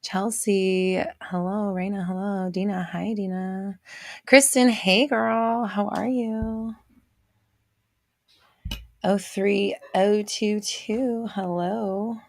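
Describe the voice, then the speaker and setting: A woman's voice: mid-range voice, steady tone, slow, dry recording, studio quality. A woman hosting a livestream, chatting casually with viewers, reading out their names and laughing often. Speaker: host of a livestream show. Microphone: visible desk microphone on an arm.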